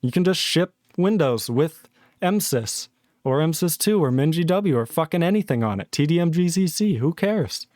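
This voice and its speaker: A man's voice: on the high side, animated, moderate pace, darkish tone, dry recording, studio quality. A man livestreaming while he codes, ranting in an exasperated, sarcastic way, swearing often and mocking other people in put-on voices. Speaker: livestreaming programmer. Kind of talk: ranting casual stream talk.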